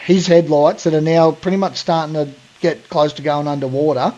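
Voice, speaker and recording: A man's voice: a little high, fairly even intonation, a little fast, dark tone, highs cut off. An Australian man hosting a podcast, telling a long story in a rambling, slangy way full of fillers. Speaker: podcast host. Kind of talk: casual storytelling.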